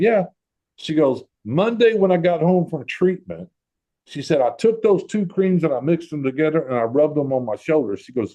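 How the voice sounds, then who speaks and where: A man hosting a group talk, telling a personal story and acting out the quoted voices. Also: fairly high pitch. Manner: animated, acts out quoted voices. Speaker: host.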